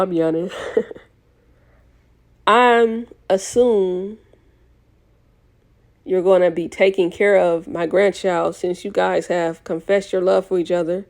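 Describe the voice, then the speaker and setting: Mellow-voiced woman reading a novel aloud. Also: lowish voice, vocal fry. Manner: reads with frequent self-corrections and restarts. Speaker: audiobook reader.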